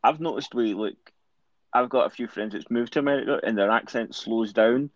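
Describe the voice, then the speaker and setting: A man's voice: mid-range voice, normal speed, no room sound, muffled recording. Rambling Scottish man on a podcast. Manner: rambling, loose and conversational. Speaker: podcast co-host. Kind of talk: casual chat.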